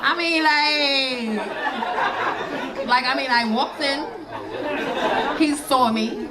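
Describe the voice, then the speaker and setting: A woman voicing a dramatic teenage girl who rambles through drawn-out fillers. Her daughter's lines are delivered on a stand-up stage. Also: high-pitched, heavy background noise. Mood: rambling. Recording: laughing crowd behind.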